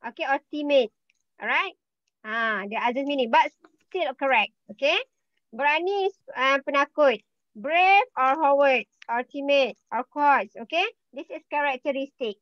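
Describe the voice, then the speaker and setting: A woman's voice: high voice, normal speed, dry recording, muffled recording. A woman with a Malaysian accent teaching English in an online class, patiently repeating words and calling names. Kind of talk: online class roll call and vocabulary quiz.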